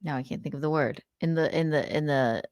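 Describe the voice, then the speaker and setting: A woman's voice: sits low, brisk, a little mellow, no echo, clean studio sound. A young woman hosting a livestream, chatting casually and reading viewer comments, giggling and losing her words as she rambles. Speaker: livestream host.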